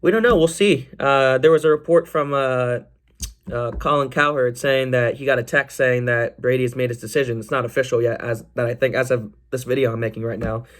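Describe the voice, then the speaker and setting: A young man talks through sports news on his own podcast at a mid-range pitch. He rambles loosely, restarts his sentences and fills pauses, then jumps up with excitement. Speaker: podcast host. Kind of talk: casual solo sports chat.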